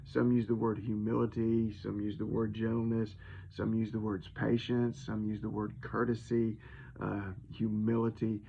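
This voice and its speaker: A man's voice: fairly low pitch, completely flat delivery, normal speed, creaky, warm tone, highs cut off, slight background noise. A man giving an informal, folksy sermon, retelling scripture in his own conversational words. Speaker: preacher.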